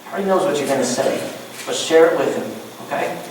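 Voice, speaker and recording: Animated male pastor in an echoey church. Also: mid-range voice, fast, a little hiss or hum. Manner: animated, joking asides. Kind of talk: sermon. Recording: echoey church room from far off.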